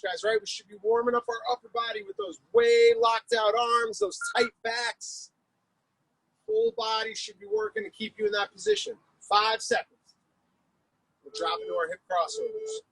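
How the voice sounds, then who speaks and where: A man's voice: extremely high pitch, creaky, fairly bright tone, no echo, poor audio. A man coaching a live-streamed workout class, calling out exercises, cues and countdowns with lots of energy. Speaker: fitness coach.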